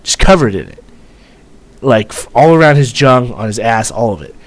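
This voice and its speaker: A man's voice: medium pitch, sing-song, normal speed, dry recording. A young man, a former Marine, telling a story in a rambling, profane way, full of fillers. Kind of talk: casual storytelling vlog.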